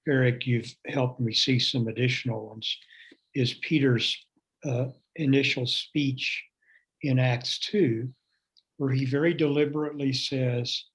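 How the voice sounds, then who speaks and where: A man taking part in a class discussion, speaking in a reflective, deliberate way. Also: medium pitch, fairly even intonation, slightly rough. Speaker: class participant. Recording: muffled lo-fi audio.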